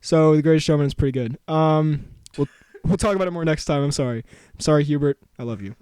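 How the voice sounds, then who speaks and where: Young man, somewhat high voice, rambling, self-mocking, dry close mic. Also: quick pace, warm tone, clear, resonant tone, no echo. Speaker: podcast co-host. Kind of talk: casual chat, quick reviews.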